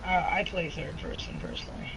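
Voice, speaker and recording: A man chatting excitedly with friends in a gaming voice chat, eager and quick to jump in. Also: fairly high pitch, vocal fry. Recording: dull lo-fi chat line with crowd noise.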